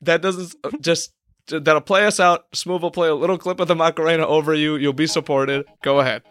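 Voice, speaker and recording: A man hosting a casual podcast, teasing his co-hosts in a quick, playful way. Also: a little high, fairly even intonation, a bit bright, dry recording. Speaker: podcast host. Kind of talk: casual chat.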